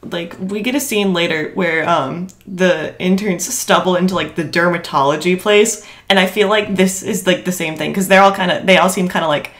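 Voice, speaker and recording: A woman co-hosting a podcast in casual chat, laughing often and quoting lines in high mock voices. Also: moderate pace, hardly any pauses, fairly bright tone. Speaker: podcast co-host.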